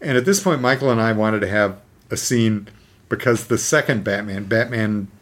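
Animated man with a lowish voice retelling a story. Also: normal speed. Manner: animated, fillers, acts out the scenes. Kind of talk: casual storytelling chat.

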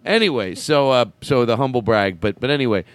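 A man's voice: mid-range voice, expressive, brisk, no echo. Rambling, stammering male podcast host. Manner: rambling, stammering, laughs often. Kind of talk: casual chat.

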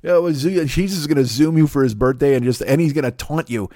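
A man's voice: a little high, a little fast, dark tone, no echo, studio quality. A man hosting a comedy podcast, delivering a boastful, crude, mock-seductive monologue about his own voice. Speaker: podcast host.

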